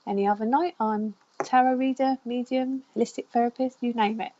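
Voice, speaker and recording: A woman's voice: fairly high pitch, fairly even intonation, a little fast, muffled recording, a little hiss or hum. A woman hosting a live psychic counselling stream, chatting and greeting her viewers by name. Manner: chatty, warm greetings, reads out viewer names.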